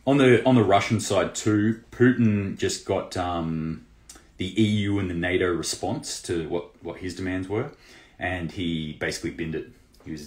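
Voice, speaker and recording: A man's voice: deep voice, fairly even intonation, moderate pace, a little mellow. A man hosting a casual news roundup for a prepping channel, loose and conversational with lots of fillers and restarts. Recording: roomy echo.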